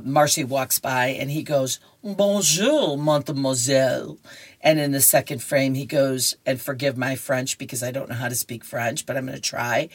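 A woman reading horoscopes and comic strips for a radio reading service, chatty with giggles and restarts. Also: rumbling low.

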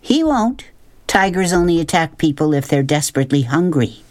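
A woman's voice: low voice, sing-song, normal speed, a little mellow, no room sound, voice pushed up. A woman reading a storybook aloud, voicing an eager, bossy young girl with an urgent, insistent manner.

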